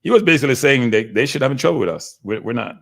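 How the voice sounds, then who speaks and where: A man hosts a casual football livestream, talking straight to his live chat and answering viewers' comments in an animated way. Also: medium pitch, rapid-fire, vocal fry. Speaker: livestream host.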